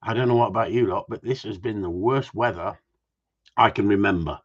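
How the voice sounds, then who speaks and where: A man's voice: on the low side, fairly quick, husky. A man, a gundog trainer, chatting casually with viewers outdoors in the cold, reading their comments and joking as he rambles. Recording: muffled lo-fi sound.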